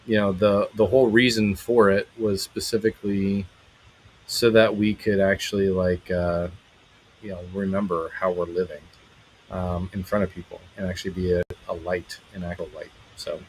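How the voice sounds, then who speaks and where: A married man hosting a live stream as a musician, chatting casually with viewers in a rambling, halting way, full of fillers, brightening when he greets people. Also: low voice, little pitch movement, slightly rough, poor audio. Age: adult, married.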